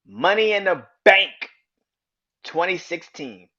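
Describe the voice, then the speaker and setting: A young man hosting a wrestling podcast, ranting casually, swearing freely, getting excited, and laughing often. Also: sits high, slow pace, dull audio. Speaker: podcast host.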